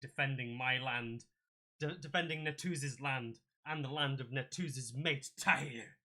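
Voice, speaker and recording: A man voicing a hungry male manticore in a tabletop game, bellowing slow threats. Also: mid-range voice, bright, forceful tone, voice pushed up. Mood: threatening.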